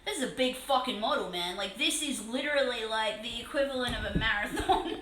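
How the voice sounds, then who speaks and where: An Australian woman chatting casually on a live stream while painting a model, excitable and swearing freely. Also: fairly high pitch, brisk, reverberant, noisy background.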